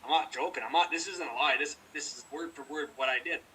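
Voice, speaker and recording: A man's voice: fairly high pitch, quick pace, bright, forceful tone, far from the mic, slight background noise, rough recording. A young man co-hosting a podcast, telling a rambling story in casual chat, profane and heated. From British Columbia, Canada. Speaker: podcast co-host.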